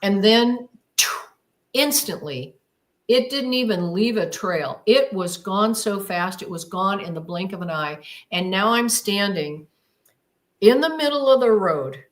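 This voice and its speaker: Woman guest telling her story, emphatic, acting out what she thought, middle pitch. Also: expressive, measured pace. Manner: emphatic, dramatic retelling with quoted inner thoughts. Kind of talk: animated storytelling interview.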